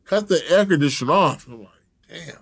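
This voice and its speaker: A man with a fairly high speaking voice tells a long, profane story as an interview guest. He talks in an animated way, laughing often and acting out the people in his tale. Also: normal speed, creaky, slightly rough.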